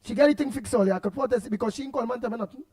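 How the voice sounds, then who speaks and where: Trinidadian male radio host, very high pitch, animated and rambling. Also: racing. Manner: animated, repetitive, laughs often, loud outbursts. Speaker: radio talk show host. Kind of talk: casual radio chat reading listener comments.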